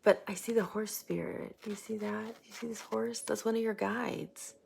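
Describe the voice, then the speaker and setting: A woman giving a casual tarot reading, chatty and rambling, sometimes sinking into a soft whisper. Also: medium pitch, fairly even intonation, normal speed, vocal fry, a little hiss or hum. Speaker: tarot reader.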